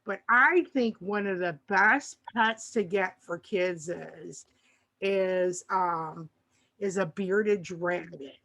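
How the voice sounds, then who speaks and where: A woman's voice: fairly low pitch, slow pace, gravelly. An older woman, a grandmother and co-host, talking in a rambling, casual way and acting out little bits of dialogue. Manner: rambling, warm, restarts often and acts out dialogue. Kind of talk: casual chat.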